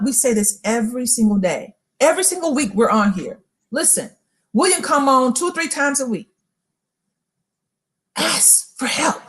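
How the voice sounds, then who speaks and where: A woman's voice: high-pitched, a bit bright. A woman giving a preaching-style motivational talk, emphatic and repeating phrases as she addresses listeners directly. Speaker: motivational speaker.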